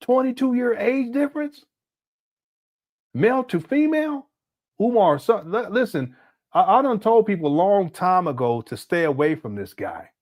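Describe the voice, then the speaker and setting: A man's voice: sits high, very animated, normal speed, a little mellow. A man in his late forties hosting a casual reaction commentary, mocking and laughing as he talks. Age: 40s. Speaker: commentary host.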